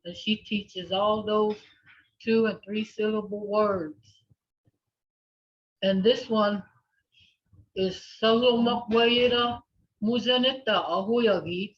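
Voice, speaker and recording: Lady teaching a class on a video call, real slow and patient, kinda dull muffled call audio. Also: medium pitch, fairly even intonation. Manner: patient, repeats words slowly for learners to echo. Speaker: language instructor. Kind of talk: online language lesson.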